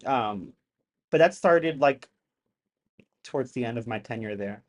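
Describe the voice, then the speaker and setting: A man's voice: mid-range voice, a little slow. A young man hosting a live stream, chatting casually as he reacts to videos. His voice swings widely as he exclaims and cracks jokes. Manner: animated, exclaiming, joking.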